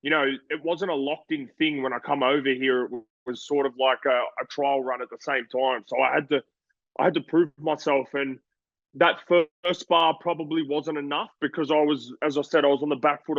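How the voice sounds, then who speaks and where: A man's voice: a little high, brisk, vocal fry, no room sound, muffled recording. A young Australian man, a boxer, talking casually in an interview, rambling and acting out voices as he tells stories. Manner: rambling, animated storytelling with voices.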